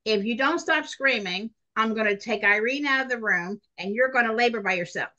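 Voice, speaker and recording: A woman's voice: on the high side, fairly quick, sharp tone, dull audio. A woman voicing a firm, no-nonsense male doctor scolding a patient in a story she tells. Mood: stern.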